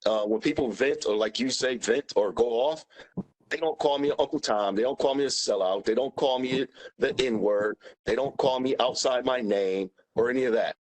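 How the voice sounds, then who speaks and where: A man's voice: medium pitch, moderate pace, a little mellow, rough recording. A man testifying as a witness, plain-spoken and emphatic, repeating his points. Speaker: witness, former union president. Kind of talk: testimony under questioning.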